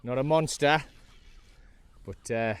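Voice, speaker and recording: Excitable man fishing from a kayak. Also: medium pitch, slow pace, clear, resonant tone, dry recording. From North East England. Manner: chatty, excitable, talks to the fish. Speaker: fishing vlogger. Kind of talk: casual running commentary while fishing. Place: kayak at sea outdoors.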